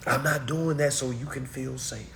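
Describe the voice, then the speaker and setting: A man's voice: medium pitch, steady tone, normal speed, vocal fry, background noise. A man hosting a casual livestream monologue and answering viewer comments. He is blunt and preachy, repeats his points and keeps checking in with "all right?". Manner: emphatic and repetitive, hammering single words.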